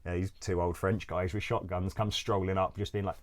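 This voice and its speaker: A man's voice: low-pitched, little pitch movement, brisk. A man telling travel stories in a casual interview. He rambles, fills his speech with "like", swears freely and laughs often. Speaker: interview guest. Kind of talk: casual storytelling.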